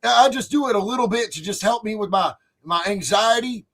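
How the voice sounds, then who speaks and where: A man hosting a live stream, reading chat messages aloud in a loud, excitable way, often shouting. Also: high voice, brisk.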